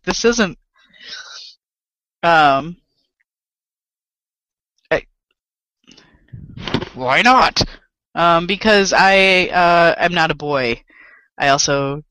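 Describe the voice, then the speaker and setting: A woman co-host chats loosely on a live podcast, rambling, swearing and laughing. Her voice is bright and forward, caught close on a dry home microphone. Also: fairly low pitch, dry recording, poor audio. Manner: rambling, profane and quick to laugh. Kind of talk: casual chat.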